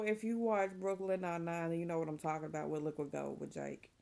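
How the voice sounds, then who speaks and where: A middle-aged woman talks casually to her viewers, chatty and openly emotional. Her voice sits on the low side with a gravelly, creaky edge. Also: steady tone, brisk, few pauses, a little mellow. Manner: chatty and emotional, saying y'all. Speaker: vlogger. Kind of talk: casual chat to camera.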